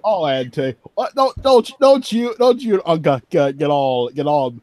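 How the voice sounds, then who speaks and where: A man's voice: fairly high pitch, lively intonation, a little slow, darkish tone, slight background noise. A man voicing a young male university student, dreamy and flustered, with a put-on English accent and a stammering, pleading way of talking.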